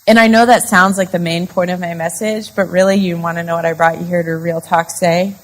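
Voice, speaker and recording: A woman's voice: on the low side, fairly even intonation, brisk, rough recording. A woman speaking candidly about faith and marriage to a live conference audience, chatty and confessional, leaning on "like" as she talks. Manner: chatty and confessional, with frequent "like" fillers. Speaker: conference speaker and podcast co-host. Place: live women's conference session.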